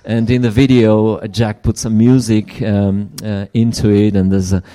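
A man preaching a sermon in English, which is not his first language. He speaks earnestly, often restarts, and drops to hushed asides. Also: lowish voice, level tone, normal speed.

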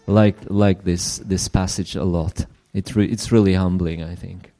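A man preaching a sermon in English, which is not his first language. He speaks earnestly, often restarts, and drops to hushed asides. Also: sits low, fairly even intonation, a little slow, hardly any pauses.

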